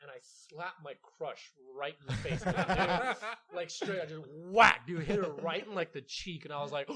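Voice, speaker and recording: A man's voice: a little high, a little slow, crowd noise. A young man co-hosting a casual podcast, telling a story with laughter and acted-out quotes. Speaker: podcast co-host. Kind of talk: casual chat among friends.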